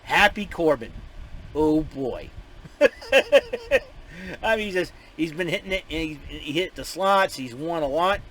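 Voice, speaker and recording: Rambling, excitable man recapping a show. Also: on the high side, measured pace, a little hiss or hum, rough recording. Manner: rambling, excitable, many restarts. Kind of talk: casual spoken recap.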